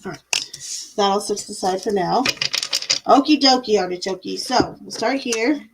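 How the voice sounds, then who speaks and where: A woman's voice: medium pitch, normal speed, background noise. A woman giving a live-stream tarot reading in a casual, chatty way, full of fillers and "like"s. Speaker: tarot reader.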